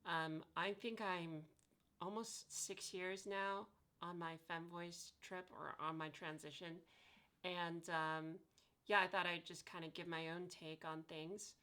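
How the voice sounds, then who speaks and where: Woman vlogging lying down, low but bright voice, lots of um and uh, laid back. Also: slow. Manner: relaxed, thinking aloud with many fillers. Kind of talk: casual chat. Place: indoors, lying down.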